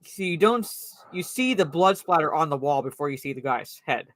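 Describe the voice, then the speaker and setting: Rambling movie-chat co-host, bright dry voice. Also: medium pitch, animated, a little fast, no echo. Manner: rambling, heavy use of "like". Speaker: podcast co-host. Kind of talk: casual movie discussion chat.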